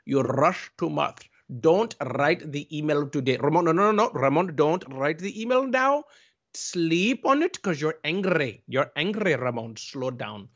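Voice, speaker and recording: Man doing an old Indian mentor: slow, patient, scolding, dull online audio. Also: a little high, animated, a bit bright, heavily acted. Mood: gently stern. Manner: slow, repeating warnings. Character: elderly male Indian mentor, calm and scolding.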